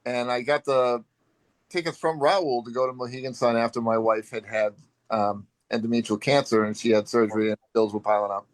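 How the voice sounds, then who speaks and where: A man in a casual live video chat tells a long, rambling story, restarting his sentences as he goes. His voice has a medium pitch and a dry, close sound. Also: steady tone, fairly quick, no echo. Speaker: longtime fan, group member. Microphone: video call.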